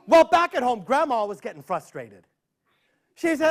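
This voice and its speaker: Animated male storyteller, lively pitch. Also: unhurried, pauses often. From United States. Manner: playful, chatty asides. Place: public library event.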